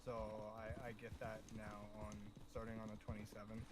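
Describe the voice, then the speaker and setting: A man's voice: lowish voice, little pitch movement, brisk. Chatty man on a noisy gaming stream. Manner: chatty, tells stories with laughs. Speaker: livestream co-host. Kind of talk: casual gaming chat.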